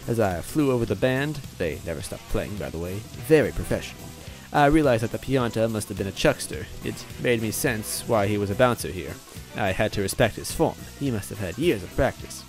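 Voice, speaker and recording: Guy reading a story out loud, lively bouncy delivery, cracking wry little asides. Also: fairly low pitch. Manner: wry, self-interrupting comic asides. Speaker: reader, narrator. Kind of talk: first-person storybook narration with asides.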